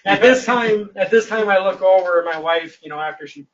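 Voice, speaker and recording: Over distant, dull livestream audio, a high-voiced male guest briskly spins a long, funny tale in casual conversation. He's animated, laughs through it and imitates the people he quotes.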